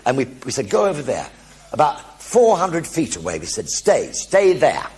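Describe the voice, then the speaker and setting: A man's voice: mid-range voice, fairly quick, slightly rough. An older man telling comic anecdotes in a one-man stage show, acting out the voices in his stories. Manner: animated anecdotes with acted-out voices. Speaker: raconteur. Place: theatre stage with audience.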